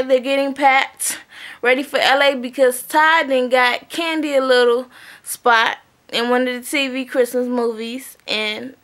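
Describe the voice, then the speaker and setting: A woman's voice: high-pitched, sharp tone. A woman recapping a reality TV episode in a blunt, profane, chatty way. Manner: blunt, profane, chatty, often asks "okay?". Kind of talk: casual recap chat.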